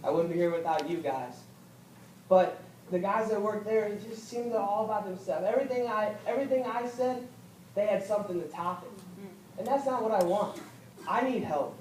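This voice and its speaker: A man's voice: high-pitched, a little mellow. Earnest young man, echoey hall. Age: young adult. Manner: halting, earnest, repeats himself, rises when upset. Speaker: veteran speaker. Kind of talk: personal speech at a political event. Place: event hall. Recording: echoey hall from far off, faint noise.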